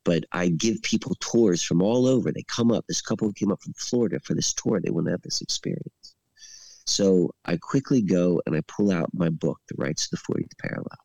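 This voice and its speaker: A man's voice: sits low, brisk, gravelly, no echo. A man telling a long, rambling story in casual chat, full of fillers, laughing as he goes. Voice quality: rambling, heavy use of "like". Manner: animated, laughs while telling. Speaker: podcast storyteller.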